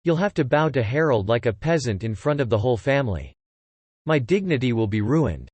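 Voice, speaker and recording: A man's voice: medium pitch, sing-song, a little fast, darkish tone, slightly rough, no echo. A man voicing an angry middle-aged father in an audiobook, chiding in a furious tone.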